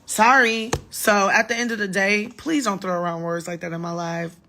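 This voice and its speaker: A woman's voice: mid-range voice, fairly even intonation, normal speed, noisy background. A woman in her thirties, a little drunk, rambling casually and profanely to fans in a late-night phone livestream.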